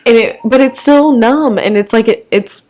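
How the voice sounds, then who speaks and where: A woman's voice: fairly high pitch, normal speed, darkish tone. A young woman from the American Midwest, co-hosting a podcast and telling a story in a casual, chatty way, laughing often and swearing freely. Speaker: podcast co-host.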